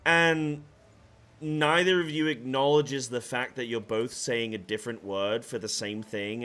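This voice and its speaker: A man's voice: lowish voice, bright, forceful tone. Rambling man, mixed English-American accent. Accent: mixed English and American, shifting. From half English, half American. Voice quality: rambling, lots of "like" and restarts. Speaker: game streamer. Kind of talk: casual chat to a live chat while gaming.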